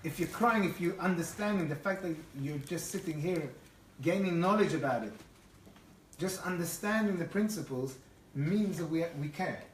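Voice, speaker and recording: Animated man teaching in an echoey room. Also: a little high, moderate pace. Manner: animated, often restarts phrases. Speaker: Torah teacher. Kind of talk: lively storytelling lecture. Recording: echoey room, far from the mic, faint noise.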